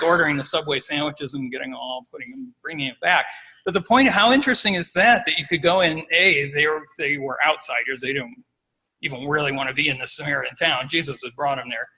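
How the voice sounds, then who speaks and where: A man's voice: on the high side, sharp tone, breathy edge, low-quality recording. A man giving an informal, conversational sermon as a lay preacher, acting out scenes as he goes.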